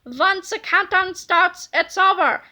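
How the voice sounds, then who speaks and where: A woman voicing a giant robot-suited male villain, a boastful bully who talks loud and menacing. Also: extremely high pitch, slow pace, pitched above the performer's own voice, exaggerated voice. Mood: panicked.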